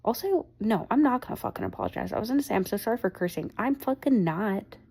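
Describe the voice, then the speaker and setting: Young woman, podcast host, casual chat, lots of cursing, gravelly, mellow. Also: a little high, expressive, quick pace. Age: young adult. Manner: rambling, profane and frank, jumps between tangents.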